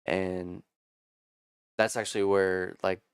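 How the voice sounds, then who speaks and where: Man, 30s, low smooth voice, dry close sound; casual storyteller who curses and acts out quotes. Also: takes it slowly, dry recording. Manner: animated, swears freely, acts out quotes. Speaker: podcast guest telling racing stories.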